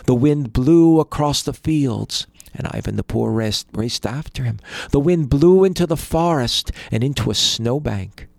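A man telling a folktale in an animated, rhythmic way. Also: mid-range voice, creaky, no room sound. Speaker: storyteller. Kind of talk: folktale storytelling.

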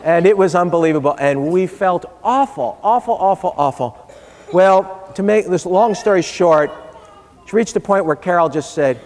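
A middle-aged man with a high, slightly mellow voice speaks at normal speed in an animated way. He's a public speaker giving a speech, telling a funny family story conversationally and doing the voices of the people he quotes. The recording carries the long reverb of a large hall.

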